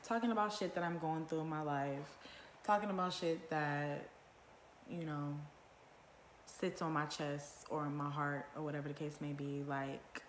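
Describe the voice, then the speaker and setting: A woman talking on a live vlog from home. She is blunt and profane, with a naturally loud voice, and she fires off repeated rhetorical questions. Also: deep voice, reverberant, slight background noise. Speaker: vlogger going live. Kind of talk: casual live-stream monologue. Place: at home indoors.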